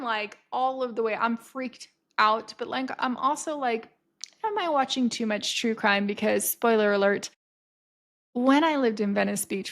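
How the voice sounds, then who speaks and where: Woman on a podcast spilling a crazy story, lots of swearing, a bit of vocal fry, acts out the quotes. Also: mid-range voice. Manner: swears freely and acts out quotes in a vivid, animated way. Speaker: podcast guest. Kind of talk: casual storytelling.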